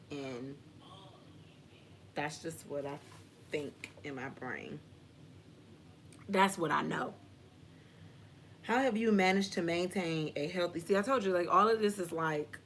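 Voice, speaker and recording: Her voice deep, this young woman runs a live question-and-answer stream in a loose, candid way, dropping "like" and slang constantly. A faint hiss or hum sits under the recording.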